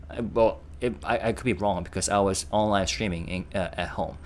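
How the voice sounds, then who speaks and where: Man, young adult, fairly low voice, casual reaction commentary, chatty, translates as he goes. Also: moderate pace. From Korea. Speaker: reaction video host.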